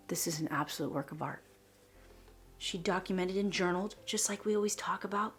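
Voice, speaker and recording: A woman hosting a crafting vlog, gushing over a scrapbook and often dropping into a breathy whisper. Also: fairly low pitch, fairly quick, a bit bright. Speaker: scrapbooking channel host. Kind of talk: flip-through show-and-tell vlog.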